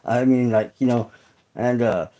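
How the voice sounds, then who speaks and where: A middle-aged man hosting his channel talks to viewers on a casual livestream in a medium-pitched, steady, mellow voice at a measured pace. The recording is low quality, and his talk rambles, with swearing, fillers, and restarts.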